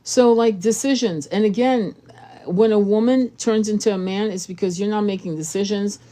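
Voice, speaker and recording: Blunt, foul-mouthed woman with a mellow voice. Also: medium pitch, normal speed. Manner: blunt, profane, emphatic. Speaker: tarot reader. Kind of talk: casual advice monologue.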